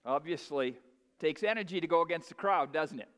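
A man preaching a sermon in a folksy way, building to loud, emphatic peaks. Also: fairly high pitch, fairly quick, in a large hall. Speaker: pastor.

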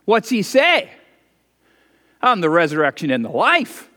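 A man with a high voice preaches a sermon in an animated, storytelling way, wandering into asides. His voice rings with the long reverb of a church hall. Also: a little slow. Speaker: pastor.

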